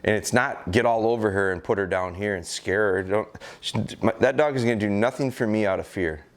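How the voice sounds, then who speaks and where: A middle-aged American man, a gun dog trainer, calmly explaining a training session and hesitating with fillers as he goes. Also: lowish voice, brisk. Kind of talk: instructional talk during a training session.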